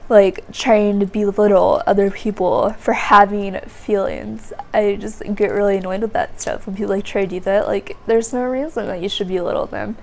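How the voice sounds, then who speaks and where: Woman vlogger, mid-pitched, earnest and rambling, confessional, heavy on the "like.". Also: fairly even intonation, moderate pace, vocal fry, hardly any pauses, darkish tone. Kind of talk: personal confessional vlog.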